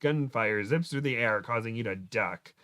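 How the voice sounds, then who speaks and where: A man's voice: medium pitch, normal speed, bright, forceful tone, dry recording. A man hosting a show, reading a book aloud dramatically and breaking off for joking asides. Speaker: host. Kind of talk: comedic read-aloud of a book.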